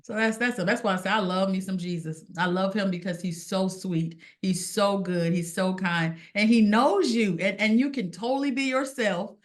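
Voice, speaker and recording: Woman, podcast guest, earnest, animated, acts out quotes, mid-pitched voice. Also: moderate pace, hardly any pauses. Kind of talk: casual personal testimony.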